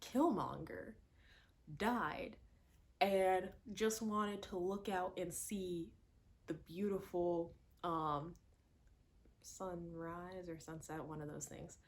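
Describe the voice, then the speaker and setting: A woman vlogger giving a casual, emphatic movie reaction, repeating lines for effect and dropping to hushed asides. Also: lowish voice, takes it slowly.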